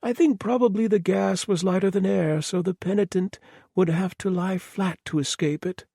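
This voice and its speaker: A man's voice: sits high, fairly even intonation, normal speed, creaky, mellow, no echo, clean studio sound, pitched above the performer's own voice. A man voicing a cheerful, polite, remorseless male murderer who sounds oddly reasonable, in an audiobook. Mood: cheerfully apologetic. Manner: chirpy, apologetic, oddly reasonable. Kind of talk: audiobook character voice.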